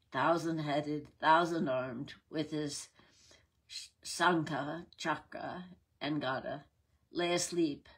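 A woman reading a retold myth aloud in a measured, reverent way. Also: low-pitched, fairly bright tone, breathy edge. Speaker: reader.

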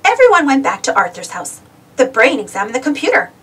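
A woman narrating a children's storybook aloud, expressive, with a distant mic. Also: high-pitched, fast, noisy background. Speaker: storybook reader.

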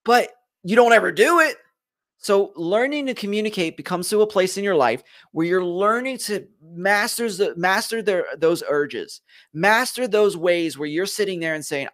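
This Philadelphia man hosts a motivational live stream on leadership, addressing viewers directly with earnest emphasis. He has a high-pitched, fairly bright voice with lively intonation and talks a little fast.

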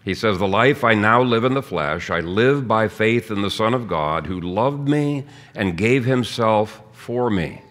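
A man's voice: on the low side, lively intonation, measured pace, hardly any pauses, a bit bright. A man preaching a sermon as pastor, teaching earnestly and reading out scripture. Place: church.

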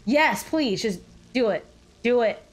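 A woman reacting to a movie as the host, loudly cheering, cursing and laughing at the screen, with the film soundtrack playing underneath. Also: a little high, expressive, slow pace. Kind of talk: casual movie reaction commentary. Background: movie audio and music.

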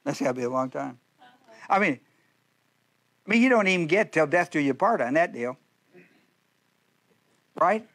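A male pastor preaching a sermon in a folksy, joking way, full of quick asides and playful jabs at his listeners. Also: on the high side, expressive, a bit bright.

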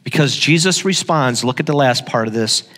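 A man's voice: mid-range voice, normal speed, bright, forceful tone. Middle-aged male pastor, storytelling sermon with emphatic repetition, reverberant church hall.

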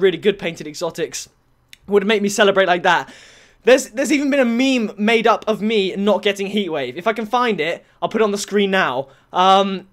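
A young man giving excited commentary as a gaming YouTuber, easily bursting into shouts and laughs. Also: high-pitched. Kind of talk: excited game-opening commentary.

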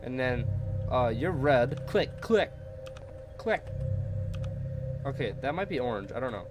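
A man's voice: medium pitch, very animated, unhurried. A man doing horror game commentary, animatedly bossing around his drone and shrieking when scared. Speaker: gaming YouTuber. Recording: music playing behind voice. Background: game music.

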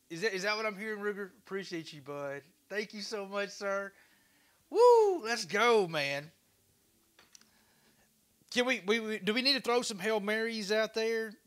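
A man hosting a casual livestream from his workshop, chatty and excitable, swearing casually as he talks to viewers. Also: high voice, moderate pace. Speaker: livestream host. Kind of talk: casual livestream chat while woodturning.

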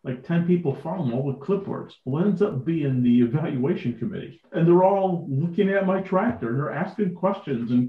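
A man guest on a podcast, telling lively anecdotes and acting out the people in them. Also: a little high, fairly quick, hardly any pauses, reverberant, narrow, tinny audio. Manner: animated anecdote-telling with quoted dialogue. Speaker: podcast guest, tractor collector. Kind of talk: casual storytelling.

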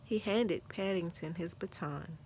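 A woman reading a children's story aloud in a gentle, measured storytelling manner. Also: fairly low pitch, a little hiss or hum. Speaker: storybook narrator.

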